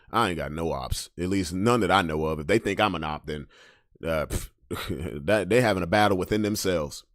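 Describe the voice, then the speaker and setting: A man hosting a podcast, ranting casually, swinging from loud emphasis to low mutters. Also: normal speed, no room sound, clean studio sound. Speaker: podcast host. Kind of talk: casual monologue rant.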